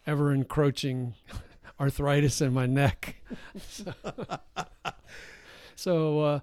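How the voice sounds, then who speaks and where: An older man spins a casual anecdote on a podcast, laughing as he goes. His voice sits a little high, and the recording is dry and close, with no room sound. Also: slow pace, no echo. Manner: animated anecdote-teller, laughs often. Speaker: podcast co-host. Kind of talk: casual storytelling chat.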